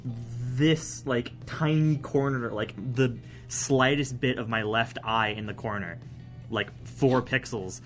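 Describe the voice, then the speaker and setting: A man's voice: mid-range voice, takes it slowly, soft background music. A young man co-hosting a college radio show, chatting casually in a rambling, hesitant way full of fillers. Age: young adult. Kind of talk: casual chat.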